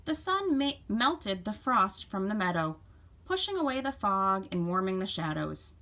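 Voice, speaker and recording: Expressive teacher reading a picture book. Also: female voice, mid-range voice, a little slow. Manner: expressive, asks children questions. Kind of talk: picture-book read-aloud for children. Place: home.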